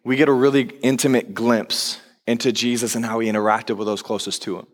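A man preaching as a pastor, telling the story in a conversational, animated way and acting out quoted lines. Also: mid-range voice, a little fast. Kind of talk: sermon. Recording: long reverb of a large hall.

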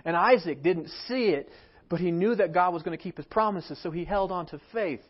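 A man preaching a sermon as pastor of a church, swinging from soft, quiet lines to emphatic, raised ones. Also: high-pitched, a little fast, husky, muffled recording. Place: church sanctuary.

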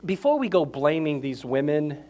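A man preaching a sermon to his congregation, moving from calm explanation to loud, excited proclaiming. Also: a little high, moderate pace. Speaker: pastor.

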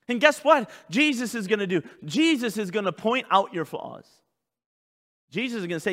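A man preaching a sermon as pastor, swinging between loud urgent calls and hushed intense passages. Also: high-pitched, expressive, normal speed, long reverb tail.

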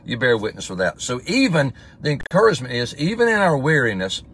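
A man's voice: mid-range voice, big pitch swings, fairly quick, fairly bright tone, breathy edge. A man giving a casual livestream devotional as pastor, talking in a conversational way and reading scripture aloud with emphasis.

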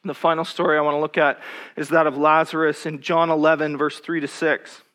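A man preaching a sermon, reading scripture slowly and then pressing personal questions with rising intensity. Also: a little high, little pitch movement, a bit bright.

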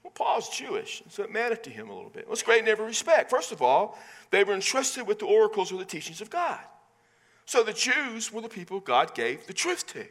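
A Texan pastor preaches in a lively, conversational way, breaking into casual asides between points. His voice is fairly high and bright, and it rises and falls a great deal. A long reverb from the hall trails behind every phrase. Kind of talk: sermon.

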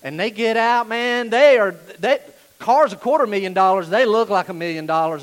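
Animated high-voiced male preacher. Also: fairly quick, few pauses, slight background noise. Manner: animated, rises to shouting. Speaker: pastor. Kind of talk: sermon.

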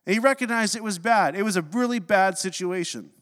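A man preaching a sermon, telling stories with animated delivery and dropping low and slow for scripture quotes. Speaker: pastor. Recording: long reverb of a hall.

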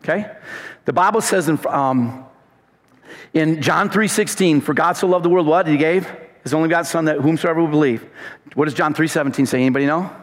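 A man preaching a sermon to a congregation, swinging from emphatic shouts to low, quiet asides. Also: a little fast, in a large hall. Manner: emphatic, rising to shouts then dropping low.

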